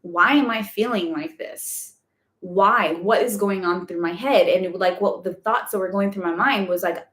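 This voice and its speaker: A woman's voice: medium pitch, moderate pace, a bit bright. A woman hosting a casual live spiritual Q&A, chatty and rambling with lots of fillers. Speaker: spiritual guidance host. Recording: echoey room.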